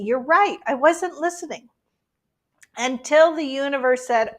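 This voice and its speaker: A woman hosting a talk show who responds to her guest in a candid, lively way, openly sharing her own experience. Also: high voice, measured pace. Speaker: host. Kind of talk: casual talk show chat.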